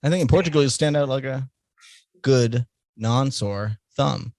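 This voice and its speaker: A man's voice: mid-range voice, a little slow, a little mellow. A man hosting a podcast, chatting casually in a blunt, teasing way and swearing freely. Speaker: podcast host.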